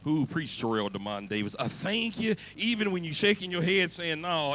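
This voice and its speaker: A male pastor preaching a sermon, moving from quiet, pleading passages to shouted, half-sung climaxes, with a Black church cadence. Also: on the high side, animated, moderate pace, few pauses, low-quality recording.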